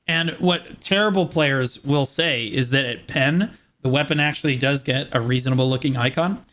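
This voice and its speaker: A man co-hosting a gaming podcast, ranting in an animated, opinionated way in casual chat. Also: medium pitch, moderate pace. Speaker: podcast co-host.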